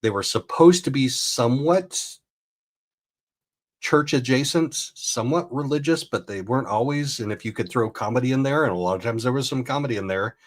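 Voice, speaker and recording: A man's voice: medium pitch, a little fast. A man giving chatty, incredulous commentary as he reacts to a video. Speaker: host.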